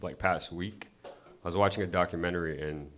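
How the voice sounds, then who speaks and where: A man's voice: sits low, fairly even intonation, fairly quick, a bit bright. A man doing a casual, profane stand-up set at an open mic, talking to the crowd conversationally. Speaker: stand-up comedian. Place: comedy club stage.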